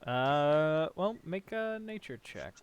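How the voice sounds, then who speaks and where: A man's voice: a little high, sing-song, takes it slowly, slight background noise. A man running a tabletop game as game master, narrating casually and often laughing.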